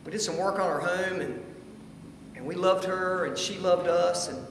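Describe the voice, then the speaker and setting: A middle-aged man giving a personal testimony at a church recovery meeting. He speaks earnestly and haltingly, and he often repeats phrases. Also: sits high, steady tone, a bit bright, slight background noise. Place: church hall. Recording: echoey hall with faint ambience.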